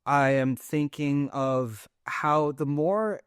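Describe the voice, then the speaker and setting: A man's voice: on the high side, takes it slowly, smooth, no room sound, clean studio sound. A middle-aged man hosting a podcast, talking in a rambling, searching way with many fillers and restarts. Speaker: podcast host. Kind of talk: casual conversational interview.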